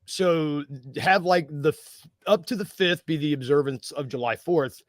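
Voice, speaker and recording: A man's voice: a little high, a little slow, dry recording. A man from the United States hosting a casual sports podcast, joking and rambling with lots of fillers and restarts. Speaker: podcast host.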